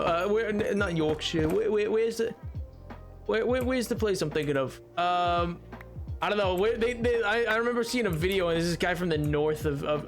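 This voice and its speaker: A man live-streaming a game, chatting casually with his viewers in a goofy, rambling, joking way. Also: high-pitched. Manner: goofy, rambling, jokey with chat. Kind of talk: casual live-stream chat while gaming. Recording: music playing behind.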